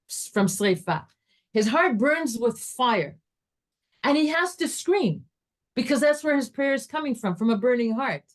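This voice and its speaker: A woman teaching a Torah class, telling a story and acting out its dialogue with her voice rising and falling. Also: on the high side.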